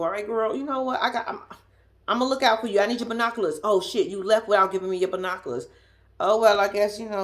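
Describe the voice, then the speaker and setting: A woman with a Southern US accent giving a blunt, sassy, laughing casual commentary as a vlogger. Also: mid-range voice. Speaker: reality TV recap vlogger.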